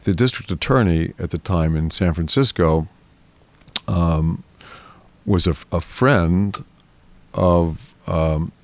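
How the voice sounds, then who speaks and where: An older man, a guest on a podcast interview, telling a long story in a lively way and acting out the voices of the people in it. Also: sits low, slow, pauses often, no echo.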